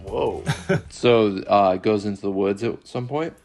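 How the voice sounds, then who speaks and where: Deep gravelly laid-back man. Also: a little slow, darkish tone, soft background music. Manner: laid-back, hesitant, lots of fillers. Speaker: podcast co-host. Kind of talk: casual podcast chat.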